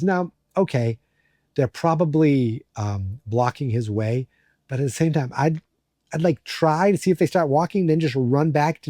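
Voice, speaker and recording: Male podcast host, casual recap, warm dark tone, dry sound, rambly and jokey. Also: on the high side, moderate pace, no room sound. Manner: rambling, joking, many fillers.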